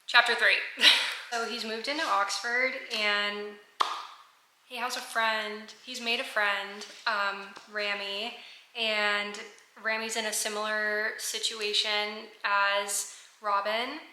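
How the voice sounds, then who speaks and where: A chatty woman vlogging about her reading, her voice very bright and her pitch held flat, talking in an echoey room with faint noise behind her. She gushes freely and leans on lots of likes and ums. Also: slow. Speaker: book vlogger. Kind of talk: casual reading vlog chat. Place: apartment at home.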